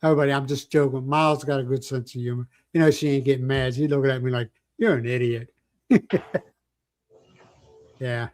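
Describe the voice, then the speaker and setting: A man's voice: mid-range voice, fairly even intonation, a little fast, pauses often, a little mellow. An older man hosting a casual livestream chat, telling rambling stories and joking with viewers. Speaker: livestream host.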